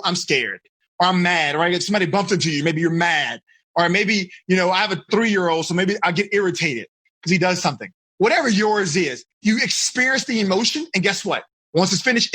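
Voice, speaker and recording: A man's voice: high-pitched, sharp tone, breathy edge. A man teaching teenagers as a life coach, speaking animatedly over a video call and asking the group frequent questions.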